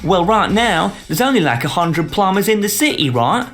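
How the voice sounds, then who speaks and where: A man's voice: high voice, big pitch swings, moderate pace, a bit bright, soft background music, voice pushed up, full character voice. A man voicing a scheming, slangy British businessman in a put-on cockney accent. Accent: put-on London cockney. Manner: slangy, conspiratorial, pushy.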